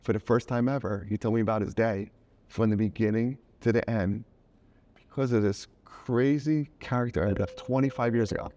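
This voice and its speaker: A man's voice: medium pitch, moderate pace. A middle-aged man telling a personal story in a casual interview, acting out the people he quotes. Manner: animated, acts out quoted voices. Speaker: guest, children's book author.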